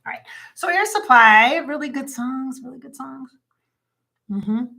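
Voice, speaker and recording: Host, woman, late forties, chatty and bubbly, sings bits between talk, slightly high voice. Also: lively intonation, measured pace, gravelly, pushed and bright. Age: 40s. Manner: chatty and bubbly, breaks into singing. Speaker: psychic livestream host. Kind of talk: casual livestream chat.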